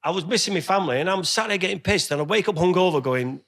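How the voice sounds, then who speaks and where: A man's voice: sits high, animated, fast, vocal fry, a bit bright. A man with a Northern English accent, co-hosting a casual pub podcast and telling candid stories with plenty of swearing. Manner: candid storytelling, swears freely. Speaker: podcast co-host.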